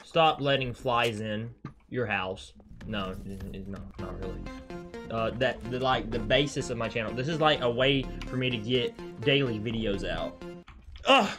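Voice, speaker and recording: A man's voice: mid-range voice, a little slow, music in the background. A young man swearing and ranting as he comments on the game he is playing. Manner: swears constantly, rants at the game. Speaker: gaming streamer. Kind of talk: casual gameplay commentary.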